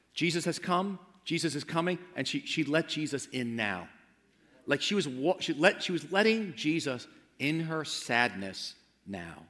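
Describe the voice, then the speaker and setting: A man preaching a sermon, impassioned and then hushed and intimate, with frequent restarts. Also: medium pitch. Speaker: pastor. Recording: long hall reverb.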